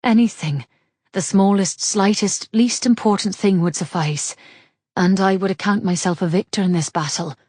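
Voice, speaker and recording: Audiobook noblewoman, nervy and tired, husky dry voice done by a woman. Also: mid-range voice, normal speed, a little mellow, dry recording, lightly acted. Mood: pleading. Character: young noblewoman, anxious and tired.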